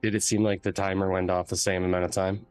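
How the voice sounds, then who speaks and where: A man playing a tabletop game and talking in a measured way with the others. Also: sits low, little pitch movement, a little mellow, faint music behind. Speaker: player. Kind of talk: casual tabletop play.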